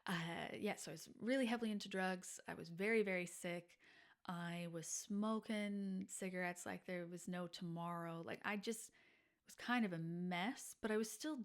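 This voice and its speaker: A woman in her forties hosting a podcast, telling personal stories in a candid, reflective monologue that sometimes drops to a soft, breathy near-whisper. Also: on the low side, normal speed. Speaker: podcast host.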